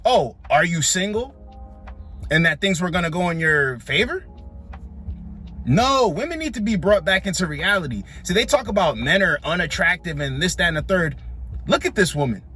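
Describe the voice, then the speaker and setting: A man's voice: high-pitched, pushed and bright. A man giving blunt, dismissive reaction commentary on dating clips, lecturing his listeners and calling them bro.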